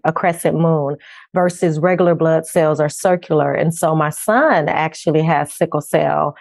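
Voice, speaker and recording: A woman's voice: low-pitched, darkish tone, dry recording, clean studio sound. Earnest woman from Las Vegas calling in. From Las Vegas, Nevada. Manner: earnest, open, laughs easily. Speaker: guest, author and speaker. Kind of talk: casual interview chat. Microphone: remote call-in.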